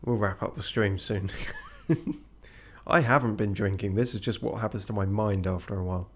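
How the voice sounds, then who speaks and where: A man's voice: fairly low pitch, moderate pace, a bit bright, a little hiss or hum. A man streaming a game, reading it aloud with sweary, self-mocking jokes on the side. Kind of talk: let's play commentary and narration.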